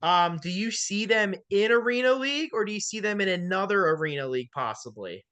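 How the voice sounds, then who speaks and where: A man's voice: high voice, expressive, a little fast, pushed and bright. A man hosting a sports talk show, chatting casually and filling his sentences with "like" and "you know". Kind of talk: casual interview.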